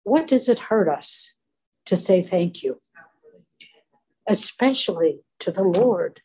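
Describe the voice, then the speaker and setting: A woman teaching from the Bible in an earnest, deliberate sermon, briefly voicing the people in the stories. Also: mid-range voice, expressive, dark tone, husky, low-quality recording. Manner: earnest, slow and deliberate, acts out quoted voices briefly.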